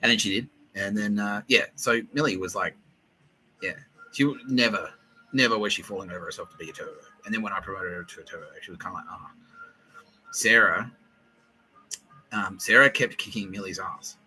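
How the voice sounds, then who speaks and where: A man hosting a solo podcast, rambling excitably with lots of swearing and laughter, often acting out what others said. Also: lowish voice, brisk, long pauses, a little hiss or hum, poor audio. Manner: excitable, profane, laughing, acts out quoted voices. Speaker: podcast host.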